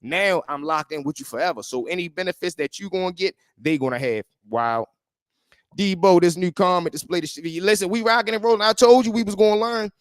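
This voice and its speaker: A man hosting a casual livestream, talking in animated slang and greeting people in the chat. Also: on the high side, brisk, no room sound, studio quality. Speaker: livestream host.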